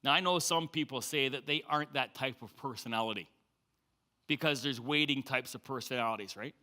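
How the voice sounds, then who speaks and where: A man preaching a sermon as pastor, telling stories with lively delivery and acting out the quoted voices. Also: mid-range voice, fairly quick. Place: church sanctuary.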